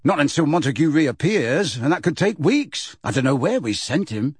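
A man's voice: fairly high pitch, very animated, normal speed, slightly rough, no echo. A man voicing a cool, mischievous teenage boy who teases and plots pranks. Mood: teasing. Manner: cool, teasing.

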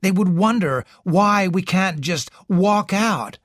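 An audiobook reader voicing a tense young man who speaks with urgent, bitter insistence, pitched higher than the reader's own voice and very lively. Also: slow pace, no room sound, studio quality.

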